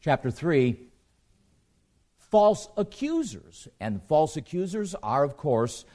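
A male preacher with a fairly high voice that leaps up and down as he drives each point home. He repeats words for weight and stumbles over fillers while he gathers his next thought. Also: sing-song, slow, warm tone. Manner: emphatic, repeats phrases for stress. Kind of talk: sermon.

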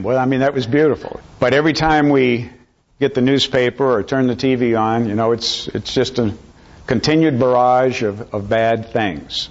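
A man preaching a sermon in an unhurried, earnest way, drawing in his listeners. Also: medium pitch. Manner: unhurried, earnest, calls for amens. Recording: slightly dull lo-fi recording.

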